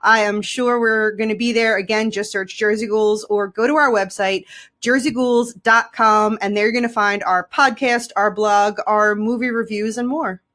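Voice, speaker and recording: A woman's voice: medium pitch, steady tone, normal speed, hardly any pauses, fairly bright tone. A woman chatting casually on a podcast, giggly and rambling, often interrupting herself. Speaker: podcast guest co-host. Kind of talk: casual chat.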